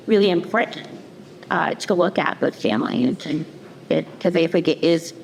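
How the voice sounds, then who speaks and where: A woman panelist with a slightly low voice speaks earnestly, posing questions and checking in with the audience. A long hall reverb and faint noise sit behind her. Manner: earnest, rhetorical questions with "right?". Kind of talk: panel discussion. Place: community event hall.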